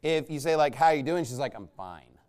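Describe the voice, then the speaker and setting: A man's voice: on the high side, fairly even intonation, quick pace, a little mellow. A man preaching a conversational sermon in a folksy, rambling way, checking in with the congregation with rhetorical questions. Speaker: pastor.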